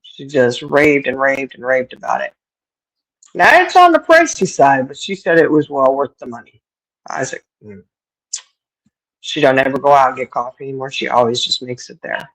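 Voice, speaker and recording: A woman's voice: a bass voice, animated, moderate pace, low-quality recording. A middle-aged woman hosting a livestream, chatting casually and laughing often as she answers viewers. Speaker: livestream host. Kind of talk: casual chat. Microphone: streaming setup.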